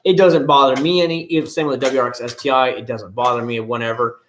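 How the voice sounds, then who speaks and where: A man's voice: medium pitch, fairly even intonation, quick pace, slight background noise. A man streaming live from his living room at home, chatting casually and answering his chat in a rambling way.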